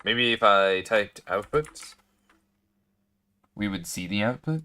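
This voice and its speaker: A man's voice: on the low side, animated, slow, pauses often, pushed and bright. A man talking to himself as he plays a computer game, rambling and hiccuping now and then. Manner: rambling, self-talking, hiccuping through the session. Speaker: gaming streamer. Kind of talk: casual gameplay commentary.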